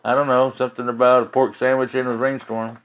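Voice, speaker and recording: A man's voice: medium pitch, flat delivery, quick pace, a bit bright. Rambling man on a livestream. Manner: folksy, joking, easily sidetracked. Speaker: livestream host. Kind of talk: rambling live-stream chat.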